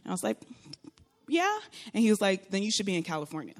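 A young woman telling a personal story in a casual, animated way, laughing often and acting out what people said. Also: mid-range voice, quick pace. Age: young adult. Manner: animated, laughing often, acts out quoted voices.

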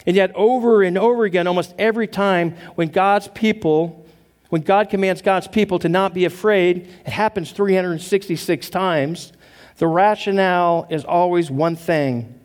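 A man preaching a Christmas sermon as pastor, telling a story earnestly and praying in a hushed voice. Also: sits high, moderate pace.

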